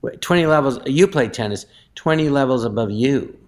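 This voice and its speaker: A man trades jabs as a guest in an improvised comedy interview. His voice sits in an ordinary middle range, and his talk is halting and full of restarts. Now and then it flares up into shouting. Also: mid-range voice, lively intonation.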